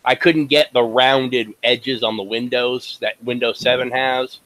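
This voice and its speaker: A man's voice: medium pitch, steady tone, unhurried, a bit bright, no echo, rough recording. A man on a casual online chat stream, explaining things in an easygoing way with many "you know" and "like". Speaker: stream guest.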